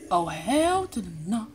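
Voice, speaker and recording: A young woman casually commenting on a story game as she plays, excitable, laughing and shrieking when panicked. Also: medium pitch, heavy background noise. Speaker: gamer playing through a story game.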